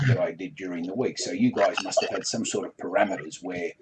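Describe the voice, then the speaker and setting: A man's voice: deep voice, quick pace. A man hosting an interview, asking questions and thinking aloud. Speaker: host. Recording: loud background noise.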